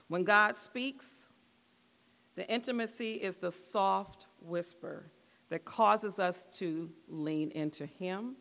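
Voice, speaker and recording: Gravelly woman leading a church group. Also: on the low side, fairly bright tone. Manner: patient, repeats instructions, talks to the room. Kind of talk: instructing a group exercise, devotional talk. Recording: long echoey hall reverb.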